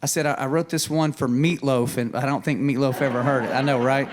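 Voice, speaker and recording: A man, a songwriter guest telling an animated story and acting out the dialogue on a music show. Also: medium pitch, fairly quick, background noise. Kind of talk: storytelling chat. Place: stage of a live music show.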